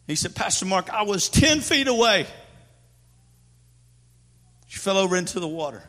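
A man preaching a sermon as pastor, passionate, swinging from loud declarations to hushed, near-whispered moments. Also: high voice, animated, moderate pace, pauses often, long reverb tail. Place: large church hall.

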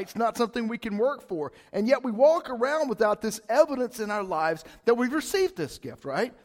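A man preaching a casual, conversational sermon, often asking "right?" and rising loud for emphasis. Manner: animated, rises loud for emphasis; high-pitched voice. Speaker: pastor.

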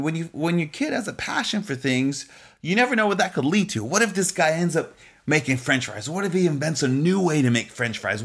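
A man giving an encouraging faith-based talk in a relaxed, conversational way, with frequent chuckles and "you know". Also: a little high.

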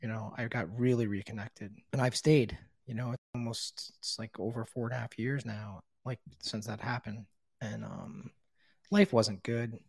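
A man's voice: medium pitch, fairly even intonation, normal speed, gravelly, a little mellow, husky, no room sound. Blunt, swearing middle-aged man. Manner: blunt, swears freely, frequent fillers. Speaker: guest sharing his recovery story. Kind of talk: candid personal storytelling.

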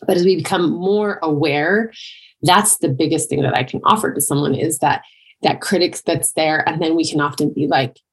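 A woman's voice: sits low, moderate pace, husky. A middle-aged woman, a triathlon and life coach, giving a conversational motivational talk full of "like" and "right?" asides. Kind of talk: motivational monologue.

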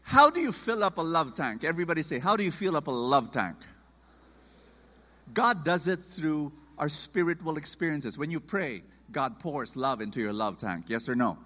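A man preaching a sermon, emphatic and animated, acting out quoted voices. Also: on the high side, normal speed, long reverb tail.

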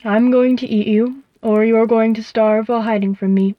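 A woman voicing a huge, predatory female owl who talks in a calm, cooing, unhurried way, in a dull, dry recording. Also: a little high, no room sound, close to an everyday voice.

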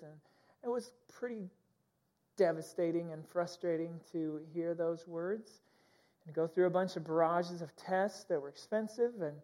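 A male pastor with a high-pitched, darkish voice delivers a conversational sermon. He tells personal stories candidly, peppering them with plenty of uhs and ums.

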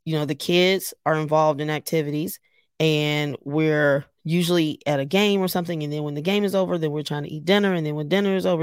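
A woman's voice: low voice, no room sound. Woman podcast host, middle-aged, chatty and candid, encouraging listeners, on the way to a game, close dry sound. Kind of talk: casual personal podcast monologue. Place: in a car on the way to a game.

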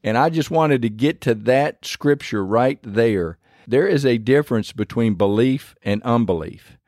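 A man's voice: mid-range voice, animated, measured pace, a little mellow, no room sound, studio quality. A man preaching a sermon in a conversational, earnest way, retelling scripture in his own words.

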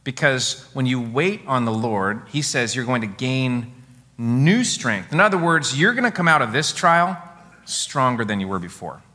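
A middle-aged male pastor preaches with a bright, forceful voice. He tells his stories in an animated, expressive way. The sound carries a long reverb, as in a large hall. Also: mid-range voice, moderate pace. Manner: storytelling, animated, laughs at his own stories. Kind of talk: sermon.

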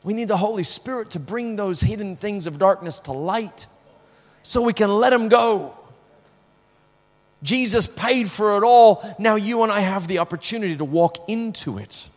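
A man preaching a sermon, telling a personal story with strong swings from hushed to loud, often repeating words as he starts sentences. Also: high voice, lively intonation, normal speed, in a large hall.

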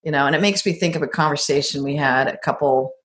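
A middle-aged woman in a casual advice conversation, telling personal stories and acting out quoted lines with lively jumps in pitch. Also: quick pace. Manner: animated storyteller, acts out quotes with big pitch jumps.

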